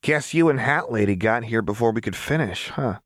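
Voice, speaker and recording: A man voicing an erratic, unhinged young woman who speaks with eerie calm and sudden jumps in pitch. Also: moderate pace, dry recording, studio quality, lightly acted. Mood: eerily calm. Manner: jumpy, swinging pitch.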